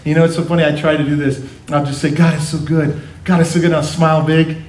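A man preaching a sermon as pastor, animated, acting out quotes in changing voices. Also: on the high side, quick pace. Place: church sanctuary. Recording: echoey church hall.

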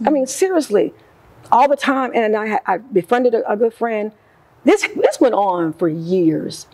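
A middle-aged woman tells her own story as an interview guest. Her voice is gravelly and a little husky. She talks in an emotional, animated way and acts out the lines other people said. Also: medium pitch, moderate pace, poor audio.

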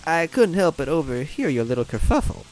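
A man's voice: fairly high pitch, sing-song, brisk, darkish tone, pitched above the performer's own voice. A man voicing a sly old female witch creature who puts on a sweet, syrupy manner in a storybook reading. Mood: fake-sweet. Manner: sugary with sudden snapping.

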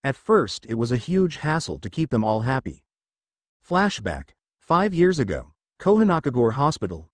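A man narrating a fan fiction story aloud in a brisk storytelling way. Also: medium pitch, big pitch swings, dry recording.

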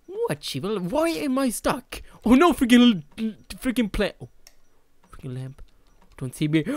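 Young Swedish-accented let's player, excitable and shouty, with lively swings in pitch. Dry sound. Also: measured pace, no echo. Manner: giggly, shouty, talks to game characters. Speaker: let's play gamer. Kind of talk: excited gameplay commentary.

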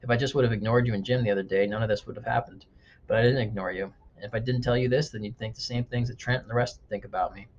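A man reading a steady, earnest undead teenage girl. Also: mid-range voice, fast talker, slight background noise, natural voice. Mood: apologetic. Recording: dull lo-fi audiobook recording.

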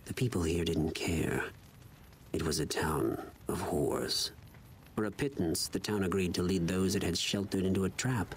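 A cold, scornful Legion officer. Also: male voice, low voice, husky. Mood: contemptuous. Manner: measured, contemptuous lecturing. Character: cold cruel Legion officer, stern older man.

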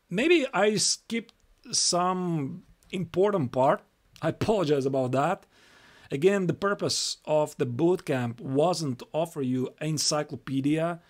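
Chatty Latvian man teaching chess on stream. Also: fairly high pitch. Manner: chatty, repeats phrases, reads moves aloud. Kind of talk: live-stream chess lesson.

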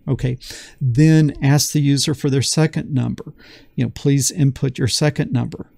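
A man's voice: mid-range voice, fairly even intonation, moderate pace, creaky, dark tone, no echo, studio quality. A man teaching a beginner programming lesson in a folksy, enthusiastic way, often repeating phrases for emphasis. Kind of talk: screen-recorded coding lesson.

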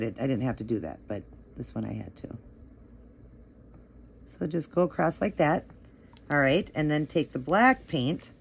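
A woman's voice: very deep voice, a little mellow, slightly rough. A woman giving a casual, rambling tutorial on nail art at home, with lots of fillers as she works. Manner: chatty, rambling, many "like" and "um" fillers.

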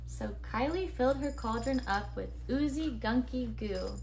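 A woman reading a picture book aloud to her child at home, in a gentle, expressive bedtime storytelling manner. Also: a little high, unhurried, gravelly, poor audio.

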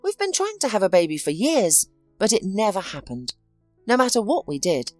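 A woman's voice: mid-range voice, huge pitch swings, moderate pace, no room sound. A weary, betrayed young wife, as a woman reads her out, weak and sadly resigned, her voice still rising and falling a lot. The sound is dry and close, with faint music underneath.

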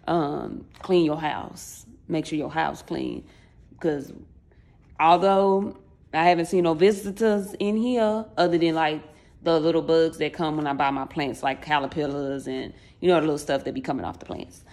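A woman's voice: low voice, normal speed, darkish tone. A woman in her late twenties chatting casually and straight to her viewers, with loose folksy slang. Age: late 20s. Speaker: vlogger.

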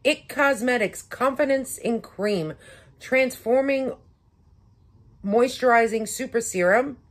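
A young woman beauty vlogger unboxing makeup in a casual vlog, gushing with excitement and gasping over each item. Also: fairly high pitch, slow pace. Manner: gushing, breathless excitement with frequent gasps.

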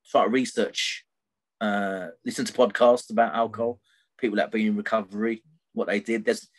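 A middle-aged man speaks at a normal pace in a fairly low, flat voice with little pitch movement, recorded dry. Appearing as a podcast guest, he tells a personal story candidly and loosely, rambling and often tagging his sentences with "right?"

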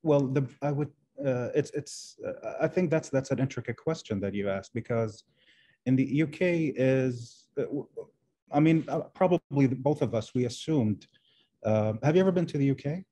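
Arabic-speaking guy, professor on a video call interview, mellow warm tone, keeps restarting his words. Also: medium pitch, animated, moderate pace. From Arab world. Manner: thoughtful, repeats words while searching for phrasing. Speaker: translation professor, guest. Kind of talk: interview conversation.

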